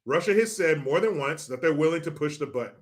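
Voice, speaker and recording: A man's voice: a little high, expressive, fast. A man hosting a political commentary vlog, ranting in a sarcastic, profane, mocking way.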